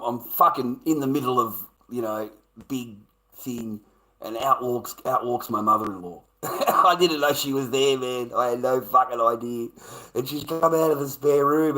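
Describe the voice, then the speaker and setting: A man's voice: medium pitch, pushed and bright, low-quality recording. A middle-aged man with an Australian accent, swearing and rambling through stories as a livestreamer. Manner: profane, rambling, laughs while telling stories. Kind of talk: casual storytelling rant.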